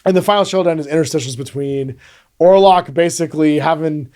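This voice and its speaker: A man's voice: fairly high pitch, fairly quick. A man co-hosting a podcast, casually and animatedly recapping a movie's plot and acting out characters' lines. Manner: animated, retells scenes and acts out lines. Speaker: podcast co-host.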